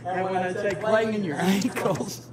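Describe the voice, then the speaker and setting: A man's voice: high-pitched, steady tone, measured pace. A man acting as a recovery mentor, talking emotionally, stammering, rambling and often laughing. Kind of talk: emotional personal conversation. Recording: distant mic with crowd noise.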